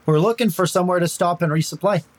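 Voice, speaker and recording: A man voicing a smooth-talking male elf bard with an Irish accent, lilting and evasive, in a tabletop game. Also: fast. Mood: placating. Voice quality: lilting, wheedling, pitch rising when pressed. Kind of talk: tabletop role-play in character.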